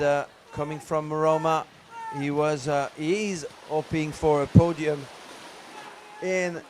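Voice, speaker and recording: A man giving live commentary on a paddleboard race. He talks in a lively way and pauses on many fillers. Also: a little high, noisy background.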